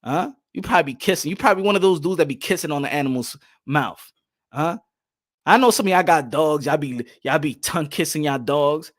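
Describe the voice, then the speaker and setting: A man telling casual stories on a boxing podcast, animated and profane, laughing often. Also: on the high side, fairly quick. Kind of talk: casual storytelling chat.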